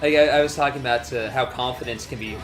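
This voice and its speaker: A man co-hosting a let's play in casual post-game chat, relaxed and self-amused, with many "like"s. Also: mid-range voice, fast, over music.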